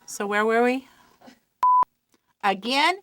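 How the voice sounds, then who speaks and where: An older woman being interviewed as an actress, brisk and teasing in reunion chat. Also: on the high side, expressive. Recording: loud background noise.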